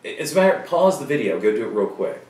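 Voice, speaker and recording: A man giving a recorded writing lecture to students, casual and joking, with quick asides. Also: medium pitch, sing-song, a little mellow. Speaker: writing teacher. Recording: roomy sound from a distant mic.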